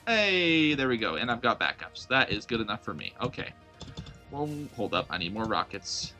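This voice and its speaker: A man's voice: lowish voice, expressive, a little fast, bright, forceful tone, soft background music. A young man streaming live gameplay, chatting playfully with his viewers and mocking his own blunders. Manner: playful, self-mocking, talks to chat.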